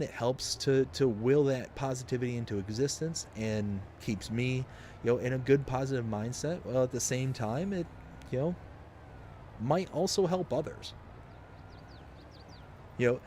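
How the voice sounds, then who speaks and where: A man's voice: mid-range voice, darkish tone. Upbeat young male streamer from the US South, casual and rambling, faint background noise. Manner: upbeat, rambling, reads chat aloud. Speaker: livestream host. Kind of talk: casual live-stream chat.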